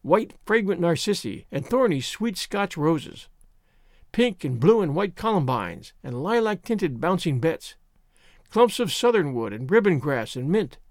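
Lively, high-voiced male storyteller. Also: unhurried, no room sound, studio quality. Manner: expressive, storytelling. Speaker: audiobook narrator. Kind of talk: scripted narration.

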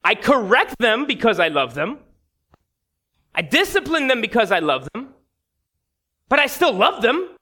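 Very high-voiced, with huge swings in pitch, a male pastor delivers his sermon unhurriedly, pausing often in a bright, forceful tone. He tells his congregation a personal story with candid humor, speaking straight to them.

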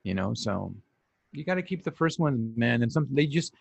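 A man's voice: medium pitch, very animated, moderate pace, creaky, slightly rough, no room sound. A man in casual chat, rambling and slangy, often dropping "like" and "man".

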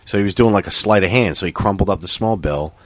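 A man's voice: sits low, fast, no room sound. A man telling a rambling story in casual chat, swearing freely.

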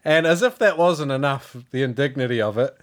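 A man's voice: mid-range voice, fairly quick. A man telling a story in laid-back casual chat, swearing freely and laughing along.

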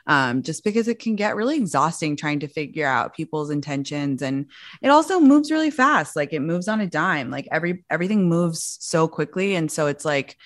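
A young woman in casual conversation as a podcast co-host, chatty and full of fillers, often trailing off softly. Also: low voice, expressive, fairly quick, no room sound, clean studio sound. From grew up in London. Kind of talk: casual chat.

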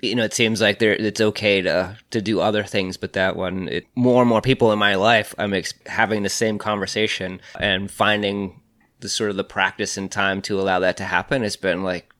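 A man's voice: fairly low pitch, flat delivery, normal speed, a bit bright. A man co-hosting a podcast, talking reflectively in a casual conversation, with many fillers and restarts.

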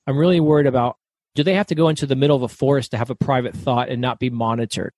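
A middle-aged man telling stories as a guest author in an interview, talking fast and loud. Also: mid-range voice, dry recording. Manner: fast, loud, animated storyteller. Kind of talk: storytelling interview.

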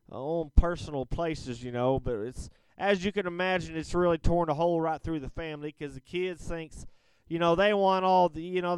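A man's voice: sits high, smooth, no room sound, natural voice. A man doing a crude boastful rich caller with a put-on Southern drawl. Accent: fake Southern American drawl. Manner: folksy rambling, crude, boastful. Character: brash rich man caller, going through divorce. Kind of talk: comedic prank call-in sketch.

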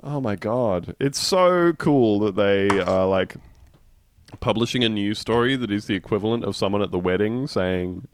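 A man's voice: on the low side, expressive, normal speed, a little hiss or hum. A man hosting a podcast in wry, jokey casual chat. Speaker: podcast host.

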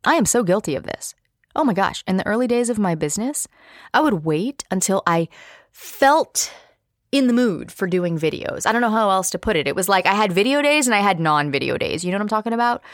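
A woman's voice: mid-range voice, expressive, fast talker, no echo, clean studio sound. A woman hosting a solo podcast, talking candidly and expressively, with playful asides. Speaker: podcast host.

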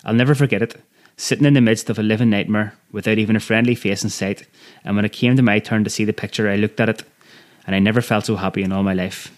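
Male reader; earnest, measured memoir narration with a low register. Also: fairly even intonation. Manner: earnest, measured, quietly emotional. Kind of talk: first-person memoir reading.

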